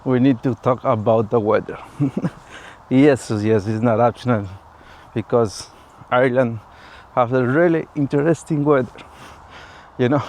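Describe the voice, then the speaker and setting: This Spanish-native vlogger talks to the camera in a casual, personal way, his English halting and full of restarts and repetitions, punctuated by frequent laughs. He has a medium-pitched, darkish voice, with slight background noise in the recording.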